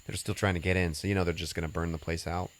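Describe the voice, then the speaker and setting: A podcast host recaps a film casually, retelling its plot in a loose, rambling way full of fillers and profanity. His low voice holds a level tone and races along.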